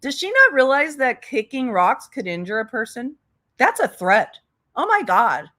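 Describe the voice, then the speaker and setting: A woman's voice: fairly high pitch, very animated, normal speed, sharp tone. A woman hosting a reaction commentary, talking in a sarcastic, mocking way. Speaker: commentary channel host.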